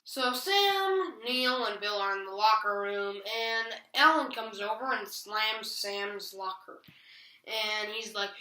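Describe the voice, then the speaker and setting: A woman's voice: medium pitch, bright, forceful tone. A woman recapping a TV episode in casual, slangy chat with sarcastic asides. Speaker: TV episode reviewer. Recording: roomy echo, distant from the mic.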